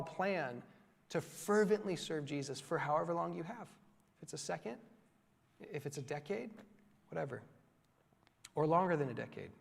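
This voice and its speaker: Man, young adult, pastor, sermon, animated and joking, high voice, long church hall reverb. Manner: animated, joking preaching with quick asides. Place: church sanctuary.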